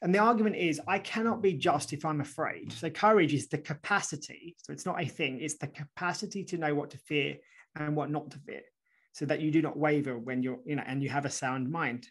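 A male author talks through ideas in an animated, conversational way. He restarts sentences and keeps checking in with "right?" as he explains. His voice sits a little above average pitch. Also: brisk, slightly rough. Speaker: author and guest. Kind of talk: conversational interview.

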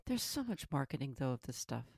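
A woman's voice: rumbling low, very animated, a little fast, gravelly, no room sound, studio quality. A woman co-hosting a podcast, asking prompting questions in casual conversation. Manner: asks prompting questions, quiet backchannels. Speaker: podcast co-host.

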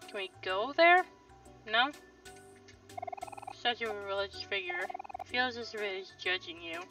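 A woman's voice: on the high side, animated, unhurried, creaky, bright, forceful tone, faint music behind. A young woman giving casual, wry commentary while playing a video game, thinking aloud. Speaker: let's play host. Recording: slightly distant, dull lo-fi mic.

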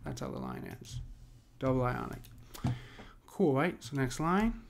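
A man teaching a poetry lesson in a casual, step-by-step way, often checking in with "right?" and slowing down to read verse lines. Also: mid-range voice, big pitch swings, creaky, a little hiss or hum. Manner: talks through steps with frequent "right?" and fillers; reads verse lines slowly and deliberately.

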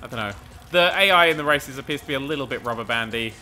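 A man commentating a video game race, excitable and sweary, rambling and mocking himself, a little out of breath. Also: medium pitch, fast talker. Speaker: gaming commentator. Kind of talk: let's play commentary.

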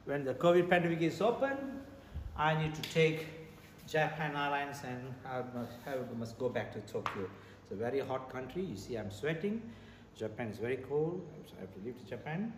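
A man's voice: medium pitch, lively intonation, moderate pace. A man, hosting a comic show-and-tell vlog at home, full of mock amazement. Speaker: vlogger host. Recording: echoey room with background noise.

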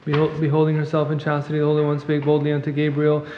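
Fast monotone man chanting. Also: on the high side, a little hiss or hum. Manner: fast monotone recitation, clears throat at times. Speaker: reader at a monastery service. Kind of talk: rapid liturgical chant reading. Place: church. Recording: echoey church, long reverb, muffled.

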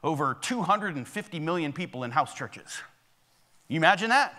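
A man preaches a sermon with a bright, forceful voice that sits a bit high. He keeps it conversational and often checks in with the congregation with a quick "okay?" or "right?". He sounds like a pastor speaking from the pulpit of a church. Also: lively intonation. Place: church sanctuary.

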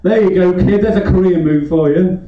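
A man's voice: high voice, fairly quick, recorded from a distance, noisy background. A drunk man doing a rambling stand-up set in a comedy club, swearing constantly and laughing as he goes. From England. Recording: roomy club recorded from afar, dull, crowd laughter. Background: audience laughter.

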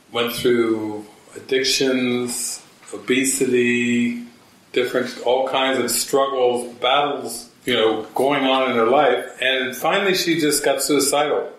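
Echoey storytelling man in a church hall. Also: mid-range voice. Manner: animated, acts out quotes in shifting voices. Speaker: spiritual teacher. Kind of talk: storytelling talk to a gathering. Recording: very echoey room, mic far off.

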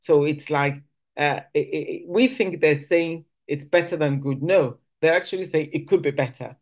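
A woman giving a conversational teaching talk at church, acting out quoted phrases with sudden jumps in pitch. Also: moderate pace, a little mellow. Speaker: church speaker.

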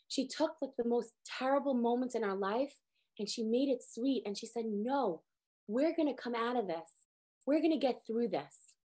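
A woman in her thirties teaching a lively Torah class, acting out quotes with sudden jumps in pitch. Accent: sprinkles Hebrew words. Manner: animated, acts out quotes with big pitch jumps.

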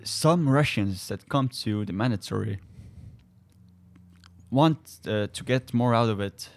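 A man from Estonia, a comedian and army sergeant, chatting casually in halting English full of fillers and restarts. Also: medium pitch. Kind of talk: casual podcast chat.

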